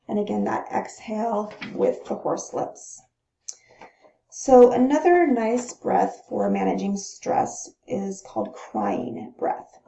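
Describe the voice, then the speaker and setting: A woman teaching breathing techniques in a calm, instructional way, pausing to demonstrate the breaths. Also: fairly high pitch, creaky. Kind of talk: gentle instructional talk. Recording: roomy, dull lo-fi sound.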